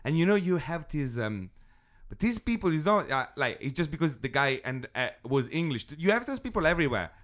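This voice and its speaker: Laughing Italian-accented man, higher voice. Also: sing-song, a bit bright. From Italy. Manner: laughs often, halting restarts. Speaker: musician guest. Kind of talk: casual interview chat.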